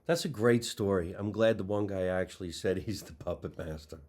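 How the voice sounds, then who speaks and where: A man's voice: low-pitched, normal speed, darkish tone. A man hosting a live talk show, asking loose, chatty questions with plenty of fillers. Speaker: host. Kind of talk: casual live-show interview.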